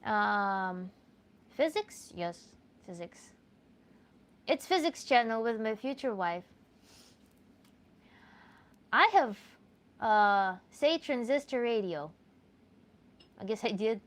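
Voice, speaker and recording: A woman with a Russian accent, a coach answering viewer questions in an animated, earnest way with frequent restarts. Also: a little high, a little slow, pauses often. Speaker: tantra coach.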